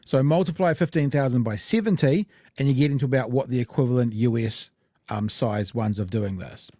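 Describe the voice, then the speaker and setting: A man's voice: medium pitch, fairly quick, dark tone, no echo, studio quality. A man with a New Zealand accent hosting a political podcast, talking bluntly with many fillers and restarts. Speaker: podcast host. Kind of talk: casual political chat.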